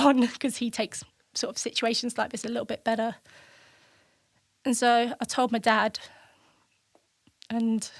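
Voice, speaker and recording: A woman in her thirties from the UK speaks as a podcast guest, telling her story candidly and replaying remembered conversations. Her voice sits a little high with little pitch movement. The recording is dry and close, with no room sound. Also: no room sound. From United Kingdom. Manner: candid, reflective, acts out remembered dialogue. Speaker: podcast guest, military veteran. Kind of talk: personal storytelling in an interview.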